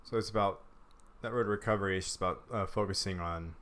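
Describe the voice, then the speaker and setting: A man's voice: low voice, fast, fairly bright tone. A man hosting a casual podcast chat, answering with short reactions and laughing along.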